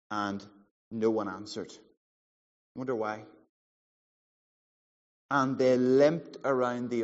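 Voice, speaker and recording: A man in his forties preaching a sermon, animated and playful, acting out the voices in the story. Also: mid-range voice. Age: 40s. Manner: animated, playful, acts out quotes. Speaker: pastor. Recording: muffled sound in a large hall.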